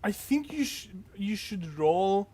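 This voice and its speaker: A man's voice: high-pitched, very animated, takes it slowly, dark tone. A man narrating as game master, rambling through details with many fillers and asides.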